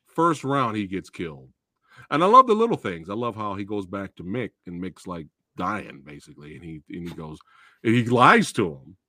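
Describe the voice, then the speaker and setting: A man's voice rises and falls all over the place as he rants with glee about movies he loves, dropping curses along the way. His tone is bright and forward, and the recording is dry and close, with almost no room sound. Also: fairly low pitch, normal speed, no echo. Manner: excitable, profane, acts out movie quotes. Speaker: podcast host. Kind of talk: casual movie chat.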